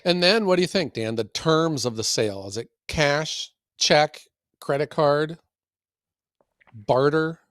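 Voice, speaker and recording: A man co-hosting a casual podcast, telling stories in a folksy, animated way. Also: on the high side, a little slow, no echo, clean studio sound. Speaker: podcast co-host and firewood seller.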